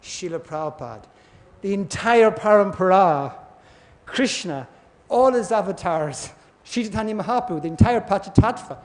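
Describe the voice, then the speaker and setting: Man, high voice, lecturing on scripture and acting out parable voices in a lively way. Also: normal speed. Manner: storytelling, acts out voices in parables. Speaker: class speaker. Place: temple hall.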